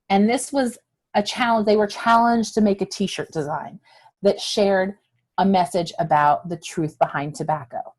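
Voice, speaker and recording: A woman health educator giving a friendly, encouraging lesson straight to young viewers. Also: fairly low pitch. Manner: encouraging, direct address to kids.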